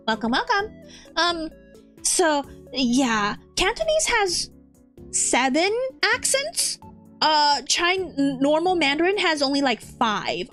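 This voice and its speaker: High, lively young woman streamer. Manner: chatty, giggly, lots of fillers. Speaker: VTuber streamer. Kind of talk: casual chat.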